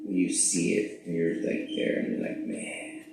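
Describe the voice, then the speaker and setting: A man hosting his own spiritual channel, rambling in a profane, casual monologue that swings between loud bursts and hushed asides. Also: low-pitched, completely flat delivery, normal speed, slight background noise. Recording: very echoey room.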